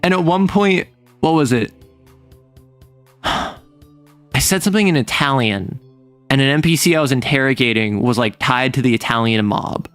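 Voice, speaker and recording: A man streaming a casual chat, telling a rambling, animated story and laughing often. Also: medium pitch, normal speed, long pauses, clear, resonant tone, no room sound, soft background music.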